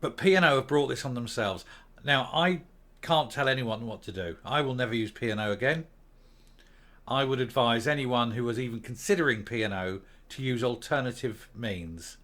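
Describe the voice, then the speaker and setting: A man's voice: medium pitch, normal speed, a bit bright. An older man, the host of his own channel, ranting angrily to camera with swearing and emphatic outbursts. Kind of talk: opinion rant to camera.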